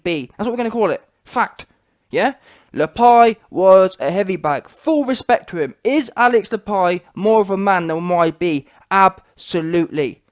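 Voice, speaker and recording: A man hosting a boxing reaction video, ranting emphatically and driving his points home with blunt repetition. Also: high voice. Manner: emphatic, repetitive, keeps saying "fact".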